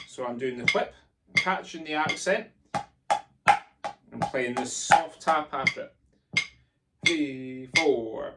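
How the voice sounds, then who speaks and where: Gravelly drum teacher, distant. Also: male voice, medium pitch, animated, takes it slowly, pauses often, loud music behind the voice. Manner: encouraging, jokey, chants sticking patterns aloud. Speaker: drumming teacher. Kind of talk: instructional lesson, counting in and calling rudiments. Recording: distant mic with loud drumming behind.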